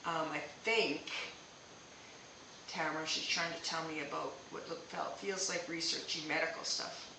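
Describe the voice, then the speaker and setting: A woman psychic medium giving a live-streamed reading, speaking gently and reassuringly and often checking in with "okay?". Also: sits low, fairly even intonation, moderate pace, reverberant, recorded from a distance, noisy background.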